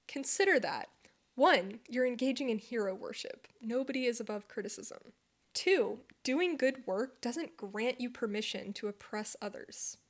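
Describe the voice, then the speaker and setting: A woman's voice: a little high, animated, measured pace. A woman vlogger delivering scripted commentary, blunt and argumentative, swearing for emphasis.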